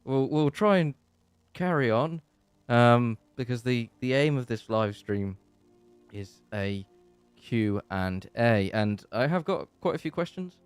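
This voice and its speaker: A man's voice: mid-range voice, animated, takes it slowly, smooth, no room sound, faint music behind. A man with an English accent hosting a casual live-stream Q&A from his bedroom. He rambles and chats with lots of fillers and restarts, and he is hot and sweaty. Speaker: channel host.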